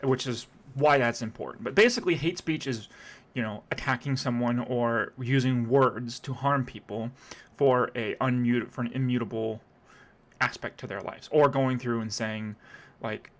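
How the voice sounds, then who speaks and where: A man's voice: medium pitch, normal speed, fairly bright tone. A man streaming a casual reaction commentary, sarcastic and rambling, with many restarts.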